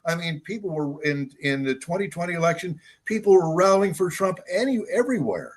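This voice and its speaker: A man's voice: fairly high pitch, lively intonation, fairly quick. An older man, a local party chair, speaking as a guest on a political talk show in an insistent, repetitive way. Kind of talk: political interview.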